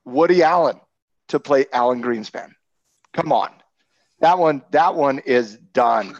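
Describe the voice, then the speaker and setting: A man hosting a trading show, talking casually with his co-host, animated, sarcastic and joking. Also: mid-range voice, unhurried, no room sound, highs cut off. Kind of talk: casual market talk with a co-host.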